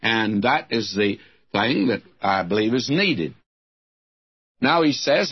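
A man preaching a verse-by-verse sermon. He talks slowly, with a lively pitch that rises on key points. He reads scripture with emphasis and adds folksy asides, and the recording is a dull, muffled radio-style one. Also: husky. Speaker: Bible teacher. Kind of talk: expository sermon.

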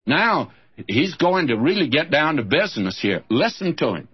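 Husky, animated man preaching on radio. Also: fairly high pitch, slow pace, lo-fi sound. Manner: folksy, emphatic preaching with lively rises for scripture. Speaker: radio Bible teacher. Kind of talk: sermon.

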